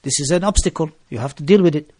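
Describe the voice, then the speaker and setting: A man's voice: on the high side, fast talker, no room sound, clean studio sound. A male preacher, lecturing a gathering and telling stories, with phrases mixed into his English. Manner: mixes Arabic phrases into English, animated storytelling. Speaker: Islamic preacher.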